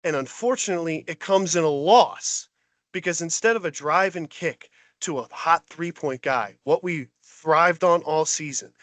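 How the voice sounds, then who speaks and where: A man's voice: a little high, normal speed, dry recording. A man co-hosting a podcast, delivering a heated, exasperated sports rant. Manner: exasperated, animated ranting. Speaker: podcast co-host.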